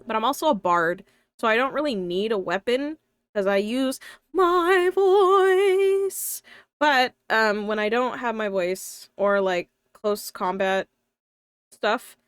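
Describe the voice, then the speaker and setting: A woman's voice: mid-range voice, fairly bright tone, clear, resonant tone, dry recording. Young woman, slight lisp, chatty streamer, thinks aloud, dry close sound. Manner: chatty, thinks aloud, talks to her chat. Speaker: live streamer and tabletop player. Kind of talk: casual live-stream chat.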